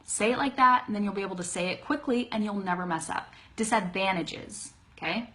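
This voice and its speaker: A woman teaching an English pronunciation lesson on a live stream, chatty and upbeat, greeting viewers and slowly modeling words to repeat. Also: medium pitch, a bit bright. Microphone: webcam close-up.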